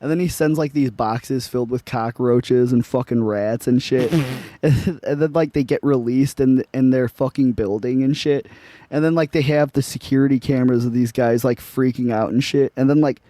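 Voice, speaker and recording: A man's voice: medium pitch, steady tone, moderate pace, warm tone, no echo. A man co-hosting a podcast, telling rambling, profane stories in casual chat. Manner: rambling, profane storytelling full of "like". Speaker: podcast co-host.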